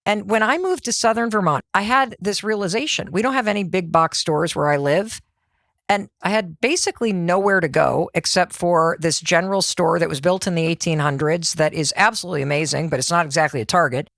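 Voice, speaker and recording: A middle-aged woman hosting a motivational podcast, talking in an energetic, conversational way and asking herself rhetorical questions. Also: on the low side, a little fast, vocal fry, no echo, studio quality. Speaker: podcast host.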